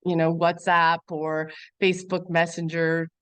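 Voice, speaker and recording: Brief: woman presenter on a webinar, low smooth voice, dry close sound, earnest and chatty. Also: flat delivery, a little slow, dry recording. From Montana. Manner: earnest, conversational with frequent fillers. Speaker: guest presenter. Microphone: video call.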